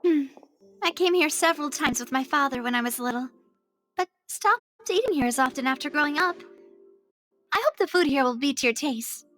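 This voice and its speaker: Bright high gracious noblewoman in a game, lively, faint music behind. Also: a little fast. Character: cheerful, generous young noblewoman leader. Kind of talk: video game voice acting.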